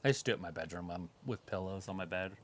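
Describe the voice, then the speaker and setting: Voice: sits low, rapid-fire, breathy edge. A co-host chatting casually on a live stream, joking and laughing often. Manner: jokey, laughs often, lively commentary. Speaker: co-host of a wrestling watch-along stream.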